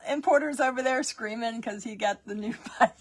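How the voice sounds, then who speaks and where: A woman's voice: fairly high pitch, moderate pace. A woman in her fifties, a grandmother, chatting and rambling through a DIY craft tutorial and laughing often as she tells family stories.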